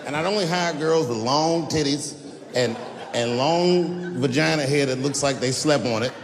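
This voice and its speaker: A male comedian doing a stand-up set, telling profane stories that swing from shouts to low mutters. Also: normal speed, in a large hall, background noise.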